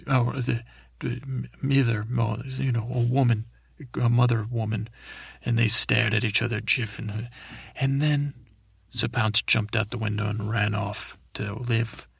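Male host, gravelly and husky, rambling sleep-story narration with restarts. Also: mid-range voice, dry recording. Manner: meandering, halting, full of restarts and fillers. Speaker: podcast host.

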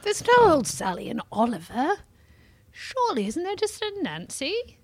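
A woman's voice: high voice, wildly swooping pitch, moderate pace, no echo, heavily acted. A woman voicing a timid, old-fashioned little ghost boy who speaks in quaint, formal phrases. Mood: earnest. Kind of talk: improvised comedy character.

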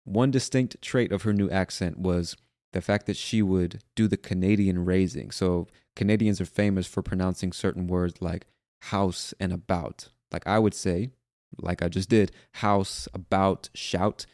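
An American man hosting an English-learning podcast, reading a news article aloud and patiently explaining vocabulary, often repeating an idea in several ways and slowing down to stress key words. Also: low voice, fairly even intonation, warm tone, dry recording, clean studio sound. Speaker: English teacher podcast host.

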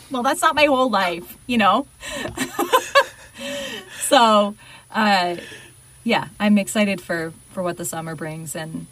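A woman's voice: medium pitch, slow pace, pauses often, a bit bright. A woman guest on an interview podcast, chatting casually and laughing easily.

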